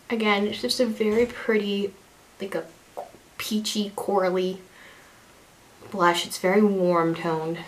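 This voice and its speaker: A woman's voice: mid-range voice, steady tone, a little slow, long pauses. A young woman chatting casually through a makeup tutorial as a beauty vlogger, rambling, self-deprecating and restarting her sentences.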